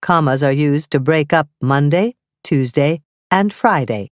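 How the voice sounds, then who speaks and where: A woman narrating a scripted grammar lesson, reading slowly and carefully with clearly spelled-out examples. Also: deep voice, animated, no echo, clean studio sound. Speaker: teacher.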